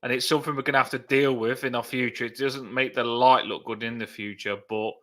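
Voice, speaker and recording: A chatty man in his thirties co-hosting a live fan stream. His voice is bright and forward, and he tells stories with quick laughs. He sits at a middle pitch. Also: fairly even intonation. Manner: chatty storyteller, laughs often. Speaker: fan channel co-host. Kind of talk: casual live chat.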